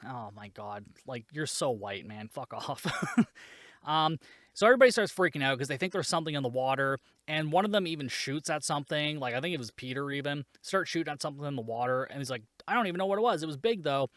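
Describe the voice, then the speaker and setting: A man's voice: medium pitch, a bit bright, no room sound, clean studio sound. A man hosting a solo movie podcast, recapping the plot in a sarcastic, swearing, casual way. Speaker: podcast host reviewing a movie.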